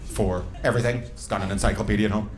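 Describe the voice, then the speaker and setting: A man's voice: fairly low pitch, fairly even intonation, fast talker, very noisy. A man in his fifties doing stand-up crowd work, brash and profane as he teases the audience. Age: 50s. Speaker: stand-up comedian. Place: comedy club. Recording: echoey club with roaring crowd.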